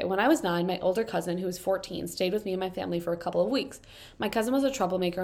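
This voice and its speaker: A woman's voice: lowish voice, darkish tone. Congested young woman, chatty and wry. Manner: quick, chatty, wry asides between read-out passages. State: congested from allergies. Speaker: video host reading and reacting to confession posts. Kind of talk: casual chat reading posts aloud.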